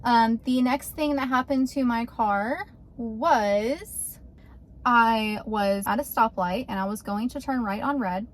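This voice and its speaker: A woman's voice: fairly high pitch, slow, faint music behind. A woman, vlogging casually and with exasperation outdoors beside her car. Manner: chatty, exasperated. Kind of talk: casual vlog.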